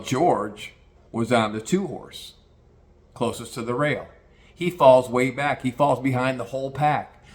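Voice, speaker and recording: A man spinning a casual anecdote, rambling and peppered with swearing. He talks in an easy conversational way, circling back and restarting as he goes. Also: mid-range voice. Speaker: storyteller.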